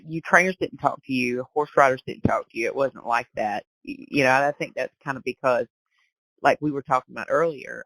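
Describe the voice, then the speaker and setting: A woman hosts a podcast in a relaxed, chatty way, her voice sitting low for a woman. She is recorded dry and close. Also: dry recording, rough recording. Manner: relaxed, chatty, with fillers like "like" and "kinda". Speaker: podcast host. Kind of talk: casual chat.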